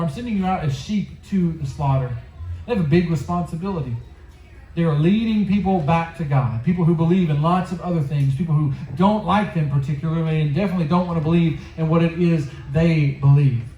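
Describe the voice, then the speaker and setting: Male youth pastor, casual earnest sermon delivery, warm mellow tone, roomy echo. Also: a little high, lo-fi sound. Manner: earnest, conversational storytelling.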